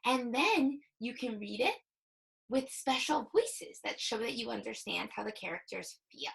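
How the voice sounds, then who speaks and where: A young woman teacher giving a recorded reading lesson to young children, with exaggerated, animated demonstrations. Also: a little high, unhurried, vocal fry, husky, low-quality recording.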